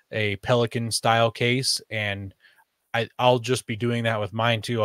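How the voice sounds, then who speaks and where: A man's voice: mid-range voice, fairly bright tone, no echo, clean studio sound. A man chatting casually on a podcast, rambling with fillers and restarts. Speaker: podcast host. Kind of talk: casual chat.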